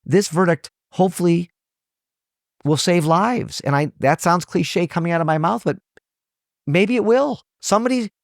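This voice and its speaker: A man's voice: sits high, normal speed, gravelly, dry recording, studio quality. A man, a trial lawyer guest on a podcast interview, speaking earnestly and emotionally, his voice rising when he stresses a point.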